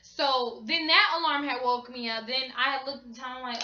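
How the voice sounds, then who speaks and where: Young woman vlogger, high bright voice, chatty slangy storytelling, echoey small room. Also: fairly even intonation, moderate pace, few pauses, slight background noise. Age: young adult. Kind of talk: casual storytime. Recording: echoey room, slightly dull sound.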